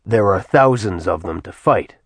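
A man voicing a tired, blunt former god in a low, plain voice. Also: animated, moderate pace, creaky, breathy edge, dry recording, full character voice. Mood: weary. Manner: dry, weary, blunt. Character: weary ancient male ex-god, gruff.

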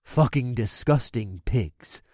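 A man's voice: mid-range voice, slow, no room sound. Dry close-miked male story narrator. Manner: expressive, conversational storytelling. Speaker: audiobook narrator. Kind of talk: first-person scripted fantasy narration.

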